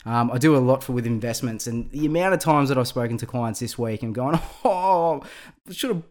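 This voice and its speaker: A man's voice: mid-range voice, brisk, a little mellow. A young Australian man with an Australian accent, chatting animatedly on a podcast panel and laughing at his own stories. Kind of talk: casual roundtable chat.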